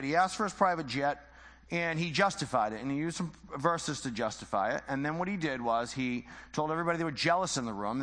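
Guy giving a bible talk, slightly high voice, lots of "right?" style questions, long hall echo. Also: fairly bright tone. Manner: conversational, rhetorical questions, repeated phrases. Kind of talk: informal teaching talk.

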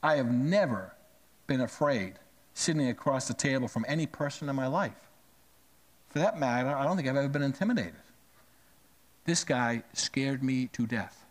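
A middle-aged male pastor preaches a sermon like he's telling a story in conversation, dropping into hushed asides and rising on emphatic phrases. His voice is mid-range, his pace moderate, with long pauses.

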